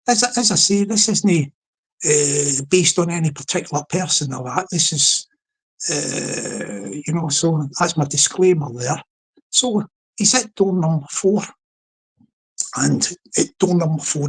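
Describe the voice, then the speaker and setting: A man's voice: fairly high pitch, slightly rough, rough recording. A Scottish man hosting a comedic livestream, chatting and rambling with frequent restarts. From Scotland. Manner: chatty, repeats words, many restarts. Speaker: livestream host. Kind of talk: rambling comedic live commentary.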